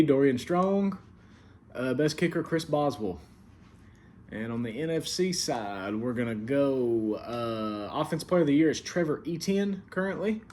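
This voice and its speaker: A man's voice: a little high, a little mellow, slight background noise. A man with a country Southern accent hosting a casual weekly league recap, laid-back and full of fillers, turning stern about the rules. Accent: American Southern. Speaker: league commissioner and show host.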